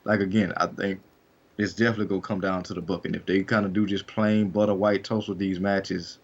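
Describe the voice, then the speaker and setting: Deep, husky and level in tone, a male wrestling podcast co-host speaks briskly in casual, rambling chat packed with fillers and restarts, captured in lo-fi sound.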